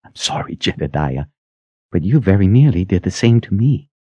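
A man reading an audiobook voices a young sorceress in hushed, urgent whispers, stern and protective toward her student. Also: lowish voice, lively intonation, brisk, breathy edge, dry recording. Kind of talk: audiobook character voice.

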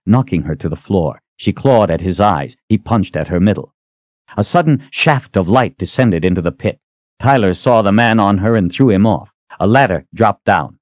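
A man narrating an audiobook with expressive storytelling. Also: fairly low pitch, moderate pace, no echo. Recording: dull, dry lo-fi recording.

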